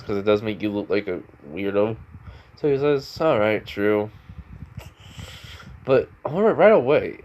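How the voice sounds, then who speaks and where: A man's voice: on the low side, darkish tone, a little hiss or hum, poor audio. A man casually retelling a fan story, rambling along with lots of "you know" and "like". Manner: rambling, full of fillers and restarts.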